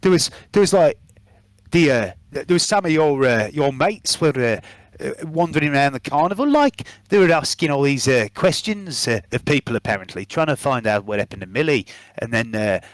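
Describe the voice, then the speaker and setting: A man's voice: mid-range voice, animated, fairly quick, dry recording, lightly acted. A man voicing a spaced-out, drug-using male carnival worker who rambles and swears in a wobbly Birmingham accent. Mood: rambling.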